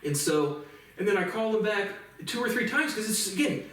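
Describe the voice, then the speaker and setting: Agitated male vlogger, profane and repetitive, recorded distant in a boomy room. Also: expressive, moderate pace, fairly bright tone. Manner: agitated, profane, repeats "literally". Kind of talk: ranting monologue to camera. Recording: echoey room, speaker far from mic.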